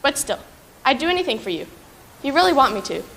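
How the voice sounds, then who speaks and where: A dramatic, pleading orphan girl full of imagination, as a student reciting puts her on. The voice sits high and begs theatrically. Faint hiss lies under the recitation. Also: sing-song, quick pace, gravelly, fairly bright tone, exaggerated voice. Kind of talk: recited declamation.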